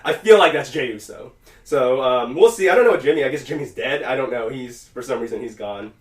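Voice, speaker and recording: A man hosting a casual podcast, rambling and cursing freely as he talks wrestling, now and then jumping into loud quoted voices. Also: medium pitch, brisk. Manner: rambling, profane, animated when quoting. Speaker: podcast host. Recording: echoey room, mic at a distance.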